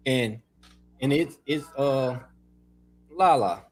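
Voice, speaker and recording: A man co-hosting a podcast, asking questions in a relaxed, casual chat. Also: medium pitch, takes it slowly. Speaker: podcast co-host.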